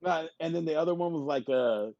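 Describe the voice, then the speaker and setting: A man co-hosting a podcast, telling animated stories in casual, profane chat. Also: a little high, brisk, muffled recording. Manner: animated storytelling with laughs and profanity. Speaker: podcast co-host.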